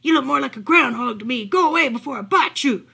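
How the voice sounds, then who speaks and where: A woman voicing a big, mean guard dog in a picture book, loud, gruff and threatening. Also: sits high, animated, fast talker, heavily acted. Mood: snarling.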